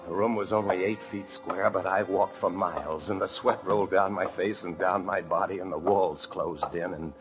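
A man's voice: sits low, steady tone, moderate pace, hardly any pauses, close to an everyday voice. An actor playing a frightened fugitive hiding in an attic, narrating his story in tense, breathless 1940s radio drama style. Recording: muffled old radio recording with music.

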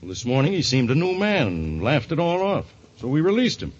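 A husky, wisecracking police inspector. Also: male voice, a little high, wildly swooping pitch, fairly quick. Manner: gruff, folksy slang. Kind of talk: 1940s radio acting. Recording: dull lo-fi old radio recording.

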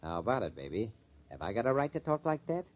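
An actor playing a sarcastic, tough-talking club owner in a 1940s radio drama. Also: male voice, on the low side, sing-song, fast talker. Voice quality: sneering, tough-guy slang. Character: gruff, sarcastic male club owner, middle-aged, bitter. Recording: muffled old radio recording.

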